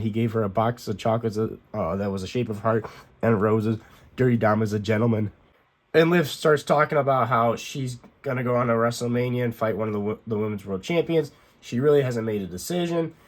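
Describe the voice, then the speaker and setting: A man in the middle pitch range talks through a wrestling week in a loose, rambling way. He stumbles and restarts often. He gets openly fed up when something bores him. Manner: rambling, fillers and restarts, exasperated complaints. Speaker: YouTube wrestling recap host. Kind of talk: casual recap and opinion.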